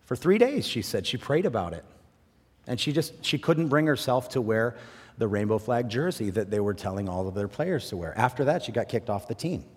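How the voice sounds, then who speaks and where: A man pastor preaching a sermon with passion, swinging from loud, rising bursts to quiet, low drops. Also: big pitch swings, brisk, breathy edge. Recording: long reverb in a large hall.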